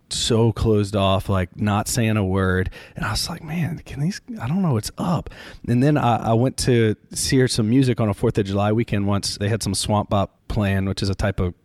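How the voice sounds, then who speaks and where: A male priest from Louisiana talking in a casual interview, telling stories in an animated way and jumping his pitch up for quoted voices. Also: dry recording, studio quality. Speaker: Catholic priest, podcaster.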